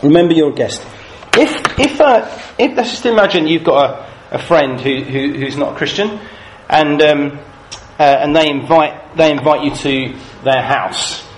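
A British man leads a training session for Christian youth workers, telling stories with an animated, swinging delivery. His voice sits a little high and ranges widely in pitch. He is heard in an echoey room with a faint hum of ambience behind him. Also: a little slow, few pauses. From Britain. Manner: lively, animated storyteller.

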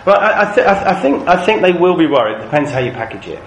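A British man leading a training session for Christian youth workers, talking in a lively, animated storytelling way. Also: on the high side, fast, slight background noise. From Britain. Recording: echoey room, faint ambience.

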